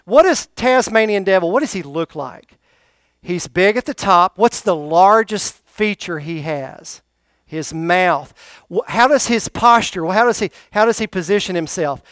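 Male pastor, high clear tenor, dry close sound, call-and-response sermon. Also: lively intonation, a little slow, a bit bright, dry recording. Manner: call-and-response preaching, questions to the congregation. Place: church service.

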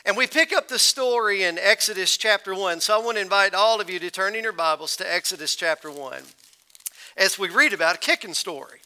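A male pastor delivering a sermon in a folksy storytelling manner. His voice sits high and rings very bright. It is smooth and clear. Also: a little fast.

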